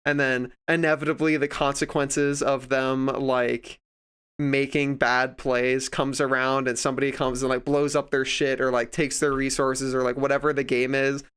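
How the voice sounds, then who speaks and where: Male streamer, casual rambling chat, profane, smooth clean tone. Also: mid-range voice, level tone, normal speed, a bit bright. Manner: rambling, profane, acts out others in quoted voices.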